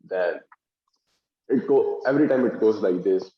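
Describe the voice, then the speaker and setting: Lively young man, echoey lo-fi. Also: fairly low pitch, moderate pace. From India. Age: young adult. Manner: animated storytelling, acts out teammates' lines, frequent "like". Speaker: guest, student basketball player. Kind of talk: casual interview chat. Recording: dull lo-fi sound in a roomy space.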